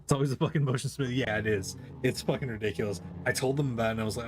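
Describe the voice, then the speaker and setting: A man's voice: mid-range voice, racing, few pauses. A man streaming a game, chatting casually in a rambling, profane way and laughing often. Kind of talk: casual chat while gaming.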